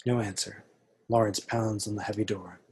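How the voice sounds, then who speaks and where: A man reading the stage directions at an amateur table read, steady and matter-of-fact. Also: fairly low pitch, normal speed, vocal fry, breathy edge.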